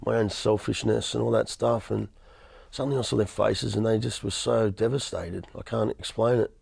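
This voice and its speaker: A man's voice: on the low side, fairly even intonation, moderate pace, gravelly, a little mellow, slightly rough, no room sound, clean studio sound. An Australian man in his thirties giving an earnest personal testimony in an interview, often stammering and restarting. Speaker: interview guest.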